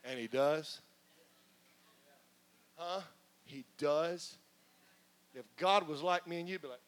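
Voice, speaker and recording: A pastor preaching a sermon to his congregation, swinging from hushed, muttered asides to shouted calls. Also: a little high, slow, pauses often. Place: church sanctuary with congregation.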